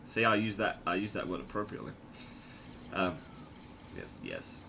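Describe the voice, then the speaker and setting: A young man giving casual, jokey commentary over his gameplay, swinging from low mutters to sudden yelps. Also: very animated, moderate pace, gravelly, long pauses, pushed and bright, breathy edge.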